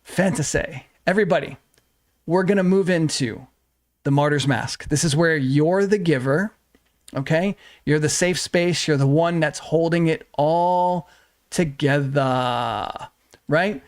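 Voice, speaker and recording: A man coaching his livestream audience on relationships, speaking in an earnest, repetitive way. His voice sits a little on the higher side for a man, and he keeps checking in with his listeners. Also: measured pace. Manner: earnest, repetitive phrasing with frequent "right?". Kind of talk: livestream teaching talk.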